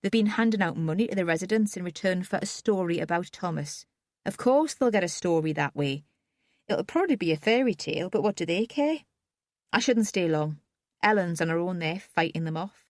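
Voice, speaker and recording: A woman voicing a blunt, gruff man who talks plainly and swears. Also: lowish voice, lively intonation, a little fast, a little mellow, no room sound, clean studio sound, close to an everyday voice. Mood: grumbling.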